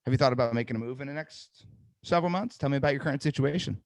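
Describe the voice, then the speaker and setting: A man's voice: medium pitch, racing, dry recording. A middle-aged man coaching salespeople in a live webinar, talking directly and energetically and often checking in with "right?". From New Jersey. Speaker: sales trainer.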